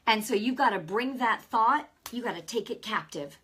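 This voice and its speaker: A woman's voice: a little high, animated, normal speed, fairly bright tone, a little hiss or hum. A middle-aged woman hosting a Christian broadcast, preaching straight to viewers in a conversational, emphatic way. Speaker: host and Christian teacher. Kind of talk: preaching to camera.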